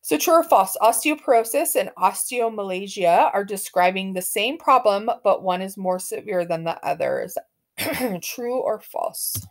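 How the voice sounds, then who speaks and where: A woman's voice: mid-range voice, animated, unhurried. A woman teaching a medical terminology class, talking casually with many fillers and putting questions to her students. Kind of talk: classroom lecture.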